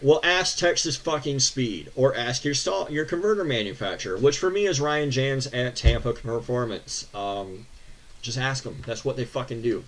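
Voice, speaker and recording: Sweary american guy ranting at car questions, mid pitch voice. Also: fairly bright tone. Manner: profane, sarcastic, exasperated ranting. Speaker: car channel host. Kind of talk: ranting reaction to viewer posts.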